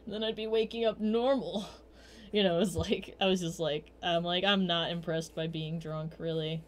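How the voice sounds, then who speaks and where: A woman's voice: fairly even intonation, moderate pace, slight background noise. Chatty young woman rambling through stories. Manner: rambling, chatty, many fillers and restarts; quotes herself in bursts of higher voice. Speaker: livestream host. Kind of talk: casual storytelling chat.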